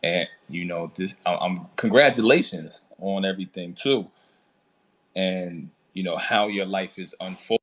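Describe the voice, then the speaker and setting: A man, a trauma recovery coach hosting a live talk, answers in a measured, halting way with many fillers. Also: low voice, a bit bright. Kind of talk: reflective casual talk.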